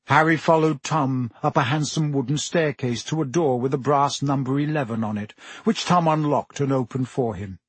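A man narrating a storybook in a measured, even manner as an audiobook reader. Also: medium pitch, slightly rough, no echo.

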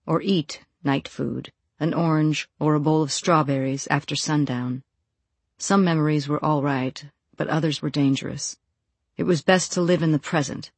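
An audiobook narrator reading a novel in a measured, even storytelling voice. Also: medium pitch, breathy edge, dry recording. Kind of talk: scripted narration.

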